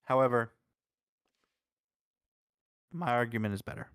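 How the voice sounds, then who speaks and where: Casting note: a man co-host, mid-pitched, insistent and argumentative, a dry close voice. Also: lively intonation, measured pace, a bit bright, clear, resonant tone, no echo. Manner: emphatic, argumentative, heavy use of "like". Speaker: podcast co-host. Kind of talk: casual wrestling review chat.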